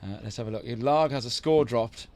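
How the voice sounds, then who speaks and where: A man's voice: mid-range voice, moderate pace, darkish tone. Male live surf commentator, middle register, banter-heavy play-by-play. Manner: chatty, teasing banter between play-by-play calls.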